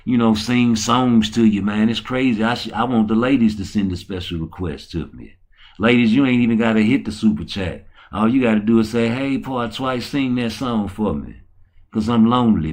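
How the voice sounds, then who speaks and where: A show host chats casually in slang, speaking low and quick, then croons slow love songs in a higher voice.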